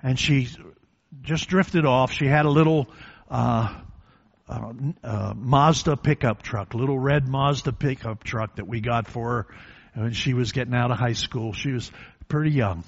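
An older man preaching a sermon in a church, telling a quiet personal story that swells into loud, drawn-out preaching. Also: mid-range voice, gravelly. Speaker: pastor. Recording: dull lo-fi recording.

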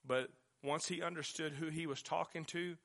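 A male pastor, preaching a sermon with passion, dropping to a hush and then rising loud again. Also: a little high, fairly even intonation, normal speed. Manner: impassioned preaching, swinging from hushed to loud.

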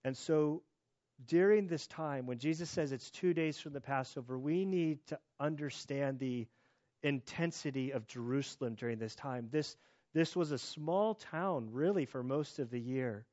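A man's voice: medium pitch, normal speed, darkish tone, no room sound, dull audio. A man in his thirties preaching a sermon as pastor, in a loose conversational way with restarts and asides.

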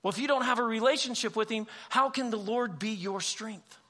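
Bright-voiced pastor, high for a man. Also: fairly quick. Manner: conversational, acts out dialogue in quoted voices; humorous asides. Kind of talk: sermon.

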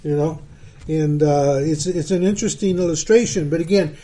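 Mellow-voiced pastor teaching scripture. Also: male voice, a little high, normal speed. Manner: conversational, repeats words while thinking. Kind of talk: verse-by-verse Bible teaching.

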